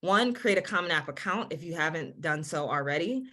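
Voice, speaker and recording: A woman admissions counselor speaks in a lowish voice, giving earnest, encouraging guidance to students. She often restarts and repeats words as she goes. She is heard over a video-call webinar. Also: expressive, brisk, fairly bright tone. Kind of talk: webinar advice talk.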